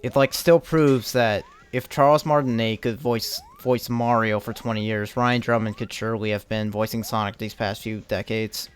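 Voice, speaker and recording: A young man streams a game and chats casually in a fairly low voice, keeping fairly even intonation at normal speed with hardly any pauses. Faint music plays behind him as he rambles, restarts sentences, and drops the occasional curse.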